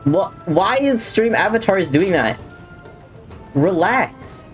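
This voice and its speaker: A man's voice: high-pitched, very animated, takes it slowly. Chatty male streamer with faint game music. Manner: chatty, jokey, drifts between talking to chat and to the game. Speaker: livestreamer. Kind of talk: casual gameplay commentary, reading chat.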